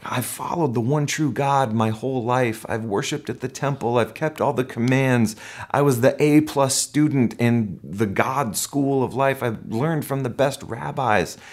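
A preacher acting out proud, indignant Saul. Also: male voice, mid-range voice, a little slow. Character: Saul, a proud zealous man defending his record.

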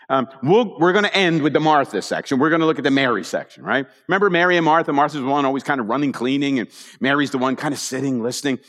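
A man preaching a conversational sermon, telling the story with animated asides to his congregation. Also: medium pitch. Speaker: pastor. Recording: long hall reverb.

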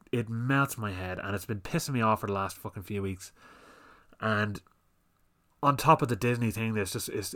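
A man's voice: mid-range voice, a bit bright. A man hosting a solo podcast, ranting in a heated, sweary, exasperated way. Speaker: podcast host. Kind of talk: solo opinion rant.

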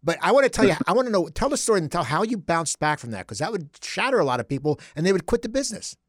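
A man's voice: high voice, sing-song, rapid-fire, no room sound, studio quality. A man hosting a podcast who eagerly fires off questions to his guest. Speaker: podcast host. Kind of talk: podcast conversation.

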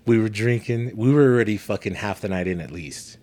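On a laid-back podcast, a man with a lowish voice and a fairly quick delivery spins animated, foul-mouthed stories, breaking into laughter again and again.

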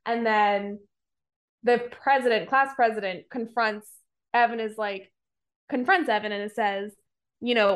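A woman's voice: fairly high pitch, expressive, normal speed, a bit bright. A woman on a podcast retelling a movie plot in casual chat, rambling with lots of fillers and some swearing. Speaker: podcast co-host reviewing a movie.

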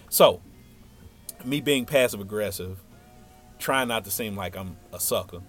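A man's voice: on the low side, a little slow, long pauses, soft background music. A young man telling a funny personal story in casual slang, acting out every line of dialogue. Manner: animated, slangy, acts out dialogue.

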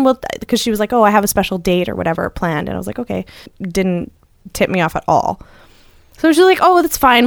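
Woman co-hosting a podcast, lively storyteller, jumps up high when she quotes people, dry close mic. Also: no room sound. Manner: animated, acts out quoted lines with jumps in pitch. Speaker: podcast co-host. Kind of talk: casual storytelling chat.

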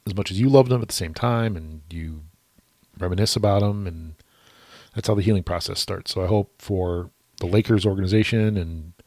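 A man talks in a relaxed, agreeable way. He chats casually and drops in short affirmations. The recording is dry and close. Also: sits low, fairly quick, no room sound. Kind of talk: casual chat.

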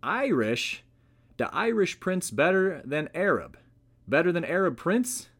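A man's voice: on the high side, very animated, unhurried, a bit bright, husky, voice pushed up, heavily acted. A man voicing an older, furious king who bellows and roars. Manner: bellowing, roaring.

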